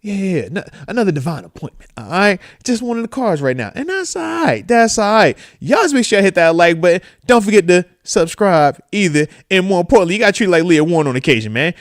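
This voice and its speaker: A man in his thirties hosts a live-stream talk show with a fairly high voice. He talks in a loose, slangy, animated way, repeating phrases and shouting out friends and viewers. The sound is dry, with no echo from the room. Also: fast talker, hardly any pauses. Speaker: show host, former football player.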